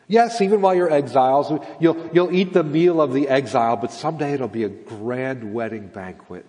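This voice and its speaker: A man's voice: medium pitch, moderate pace, darkish tone. A man preaching a sermon as pastor, talking earnestly, asking rhetorical questions and repeating his words. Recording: long reverb of a large hall.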